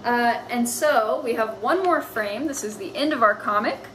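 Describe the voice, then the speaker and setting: A woman's voice: fairly high pitch, animated, normal speed, fairly bright tone, a little hiss or hum, poor audio. A woman teaching a lesson on writing comics, explaining patiently as if to children.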